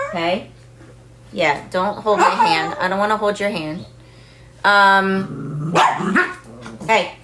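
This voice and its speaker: A woman's voice: mid-range voice, takes it slowly, long pauses, noisy background. A woman who runs a senior dog sanctuary from her home, talking casually and in doting baby talk to her dogs, mixed with mock scolding.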